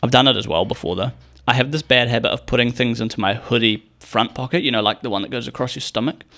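A man's voice: medium pitch, fast, vocal fry. A young man telling stories in a casual, rambling monologue, swearing freely and acting out the people he quotes. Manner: rambling and profane, with animated quoted voices.

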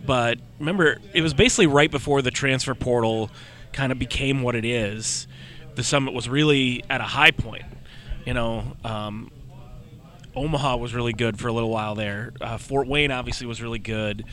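Bright-voiced man telling sports stories. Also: mid-range voice, moderate pace. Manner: storytelling, acts out quotes. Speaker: podcast co-host. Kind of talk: casual sports chat.

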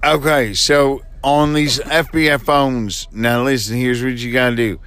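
A man's voice: mid-range voice, steady tone, a little slow, fairly bright tone, smooth, no echo. A man co-hosting a casual podcast, joking and rambling as he chats with his wife. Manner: joking, rambling, playing with mock accents. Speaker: podcast co-host. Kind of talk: casual chat.

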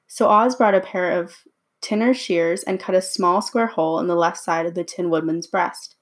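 A woman reading a storybook chapter aloud at a measured, unhurried pace with small slips. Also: lowish voice. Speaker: reader.

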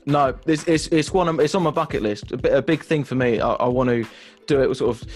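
A man's voice: medium pitch, a little fast, soft background music. An English man, a stand-up comedian, telling rambling self-deprecating stories with lots of swearing. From England. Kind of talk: casual comedic chat.

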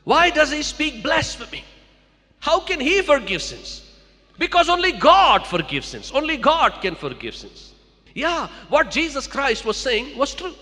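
A man's voice: very high voice, sing-song, unhurried, sharp tone, in a large hall. A man preaching a sermon to a church, repeating key lines and calling out to the congregation.

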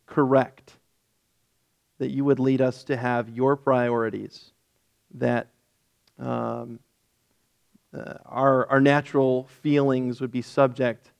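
Easygoing pastor teaching from scripture. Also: male voice, mid-range voice, vocal fry. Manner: relaxed, self-correcting, lightly joking; reads scripture aloud with rising emphasis. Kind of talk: casual Bible-teaching sermon.

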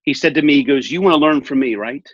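A man in his thirties, a guest on an interview, casually tells the story of his weight loss in a fast, medium-pitched voice with a breathy edge. He's animated, acting out quoted dialogue and repeating phrases. The recording is dry, muffled and lo-fi.

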